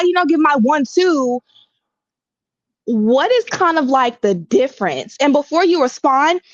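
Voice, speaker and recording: A woman with a high voice speaks in a measured, careful way, asking questions and hedging her points. Her audio sounds dull and lo-fi, and dry with no room sound. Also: no room sound. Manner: measured, asks questions, hedges with 'kinda'. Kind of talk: casual livestream discussion.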